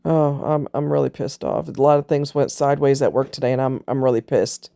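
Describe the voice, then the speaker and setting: A woman voicing a fed-up husband home from a bad day at work, grumbling low and blunt. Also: fairly even intonation, brisk, gravelly, dark tone, dry recording, clean studio sound. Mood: irritated.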